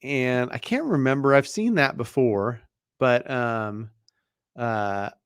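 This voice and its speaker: A man hosting a live mortgage Q&A stream, talking in a relaxed, chatty way with lots of fillers and restarts, sounding tired. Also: medium pitch, slow, clear, resonant tone, no echo, clean studio sound. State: tired, yawning.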